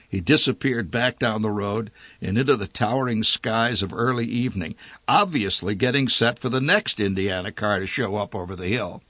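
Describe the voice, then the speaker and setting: A man reading a humorous memoir story aloud, with a wry, dry and lively delivery. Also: medium pitch, dry recording. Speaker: narrator.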